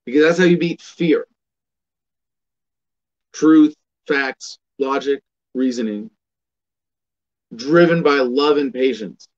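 A man's voice: medium pitch, slow, pauses often, muffled recording. A man hosting a political commentary show, delivering a sardonic, emphatic monologue and reading passages aloud.

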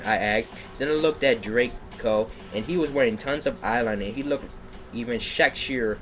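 Slow deadpan man reading fan fiction. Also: mid-range voice, soft background music. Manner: deadpan reading, breaks character to mock the text, laughs. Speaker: comedic reader. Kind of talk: comedic dramatic reading of bad fan fiction. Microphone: home microphone on a livestream.

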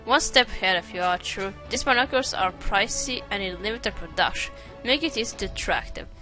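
A snarky young male tech expert in a detective game explains gadgets with sarcasm. A woman reads him aloud in her own voice. Bright and forceful, with faint music behind. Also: mid-range voice, animated, brisk.

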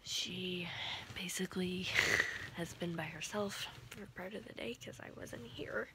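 A sleepy young woman whispering a rambling late-night vlog in a hushed voice, trailing off now and then. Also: lowish voice, a little slow, low-quality recording. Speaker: vlogger.

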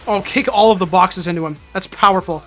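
A young adult streamer giving casual, excitable gaming commentary full of exclamatory reactions. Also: medium pitch, a little fast.

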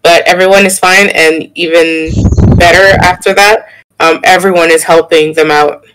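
A young man in casual podcast chat, telling an animated story with laughter and sudden jumps in pitch. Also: normal speed, background noise. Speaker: podcast co-host.

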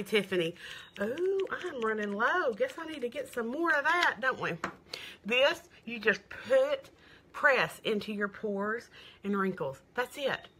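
A woman's voice: a little high, sharp tone, slightly rough. A middle-aged woman, doing a chatty live makeup demo and sales stream, gushing and greeting viewers by name. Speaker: makeup seller.

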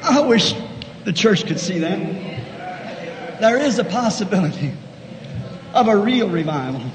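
A man preaching a fervent sermon, swinging from shouted lines to hushed asides in a large church. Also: high-pitched, lively intonation, slow pace, crowd noise. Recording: echoey 1960s church hall recording with faint noise.

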